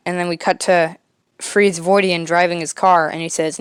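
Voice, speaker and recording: A woman's voice: fairly low pitch, level tone, moderate pace, clean tone, dry recording. Woman casually reading a comic aloud. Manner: casual, with fillers. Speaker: podcast host.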